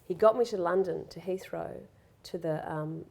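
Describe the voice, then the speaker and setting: A middle-aged woman with a low, gravelly voice and a mellow, darker tone. She talks openly and reflectively as an interview guest, slipping into quoted asides. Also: normal speed. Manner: open, reflective, quotes herself and others in lively asides. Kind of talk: candid conversational interview.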